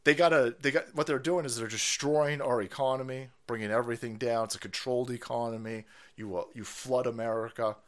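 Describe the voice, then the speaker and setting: A man hosting a stream, ranting in a foul-mouthed, mocking way, often laughing and jumping up in pitch when excited. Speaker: streamer and host. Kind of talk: profane ranting commentary stream.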